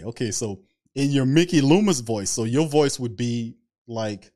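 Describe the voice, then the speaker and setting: A man's voice: mid-range voice, animated, a little slow, mellow. A man hosting a casual sports talk livestream, loose and chatty, greeting viewers in the chat by name. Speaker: sports talk show host.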